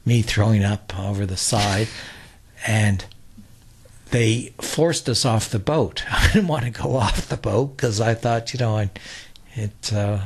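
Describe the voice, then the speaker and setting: A man's voice: fairly low pitch, takes it slowly, breathy edge. A man in his sixties from New York, a guest telling rambling anecdotes in a loose, chatty way full of "uh" and restarts. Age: 60s. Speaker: interview guest.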